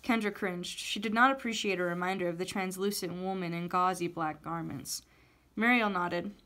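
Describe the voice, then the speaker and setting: Woman teacher, steady read-aloud of a novel chapter. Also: fairly low pitch, moderate pace.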